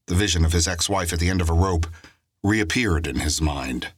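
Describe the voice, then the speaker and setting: A man narrating a crime story in a steady scripted audiobook reading. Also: deep voice, moderate pace, slightly rough, no room sound.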